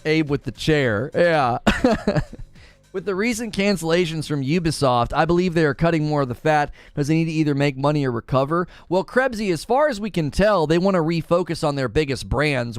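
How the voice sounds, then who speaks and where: A man's voice: on the high side, normal speed, dry recording, faint music behind. A man hosting a casual live stream, chatting and joking with viewers, laughing often and slipping into playful voices. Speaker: streaming show host.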